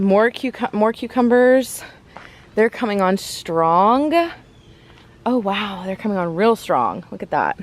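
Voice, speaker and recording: Woman, casual garden-tour vlogger, rambling and breathy, mid-pitched voice. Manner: chatty, rambling, many ums and self-corrections. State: out of breath from walking fast. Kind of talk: casual walking tour chat. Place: outdoors in a garden.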